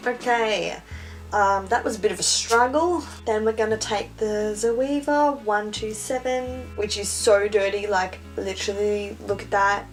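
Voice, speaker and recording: A woman's voice: mid-range voice, a little slow, soft background music. Chatty young woman vlogger. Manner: chatty, self-mocking, slangy. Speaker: beauty vlogger. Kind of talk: casual makeup tutorial chat.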